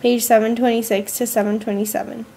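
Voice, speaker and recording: A woman, a student, reading her school journal aloud in an earnest, measured way with slow pauses. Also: a little high, flat delivery, warm tone, slight background noise.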